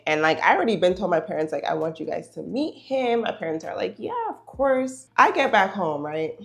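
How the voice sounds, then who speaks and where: A young woman vlogger telling a dating story, animated, laughing and full of fillers. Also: fairly low pitch, normal speed. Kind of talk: storytelling while getting ready.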